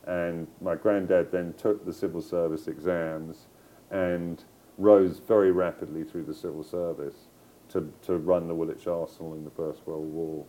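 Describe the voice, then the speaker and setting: A man's voice: low-pitched, steady tone, moderate pace, mellow, rough recording. A middle-aged male novelist in a book club conversation, telling stories in a discursive way, with digressions and restarts. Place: live event before an audience.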